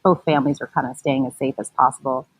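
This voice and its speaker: A woman's voice: rumbling low, steady tone, quick pace, slightly rough, low-quality recording. A woman in her forties, a mom blogger, chatting casually as an interview guest with lots of fillers and easy laughter. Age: 40s.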